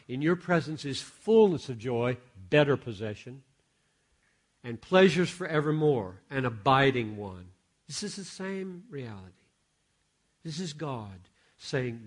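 Emphatic male preacher with big dynamic swings. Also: medium pitch. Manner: dynamic, swings from hushed asides to loud emphatic exclamations. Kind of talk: sermon.

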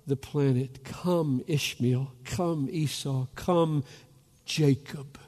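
A man's voice: a little high, slow. Man preaching a fervent sermon in a hall. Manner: fervent, rising to loud calls. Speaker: pastor. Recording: long reverb of a large hall.

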